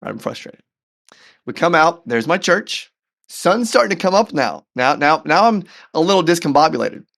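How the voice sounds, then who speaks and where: A man as a podcast guest telling a personal story in an animated, earnest way, often repeating words as he goes. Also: on the high side, normal speed, creaky. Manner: faith-centered, earnest. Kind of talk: storytelling in conversation.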